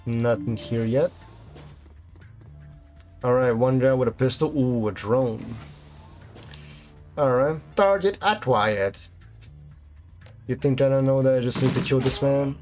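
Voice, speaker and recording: A man's voice: medium pitch, fairly even intonation, normal speed, pauses often, mellow, faint music behind. Casual man narrating a game playthrough. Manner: casual, reads game text aloud and reacts to the action. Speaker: gameplay commentator. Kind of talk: game playthrough, reading dialogue aloud.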